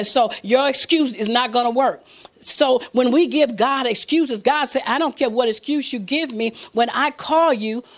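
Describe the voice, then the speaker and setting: A woman preaching a sermon, calling for amens and acting out prayers and God's replies. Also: fairly high pitch. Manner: call-and-response with the audience, asks for amens.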